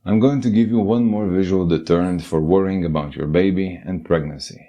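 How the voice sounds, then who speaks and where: A man's voice: deep voice, fairly quick, dark tone. A man giving a scripted, earnest self-help narration and speaking directly to the listener.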